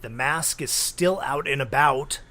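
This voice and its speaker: A man's voice: medium pitch, unhurried, pushed and bright. A man co-hosting a movie podcast, chiming in with short agreements and reading a review aloud. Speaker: podcast co-host.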